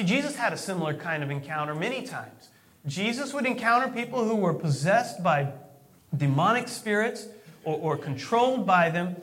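A male pastor preaching with a high voice, relaxed and conversational as he retells a story. He often stumbles and repeats a word before pressing on. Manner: conversational, storytelling, repeats words when starting. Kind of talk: sermon.

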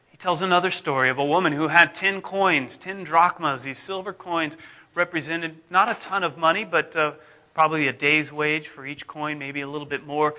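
A middle-aged man, a pastor, preaching in a conversational, self-deprecating way whose phrases often fade off softly. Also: a little high, normal speed. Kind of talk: sermon.

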